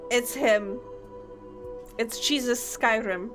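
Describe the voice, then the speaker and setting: A woman streamer giving live gameplay commentary, reacting with excited laughter and disbelief. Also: on the high side, slow, over music.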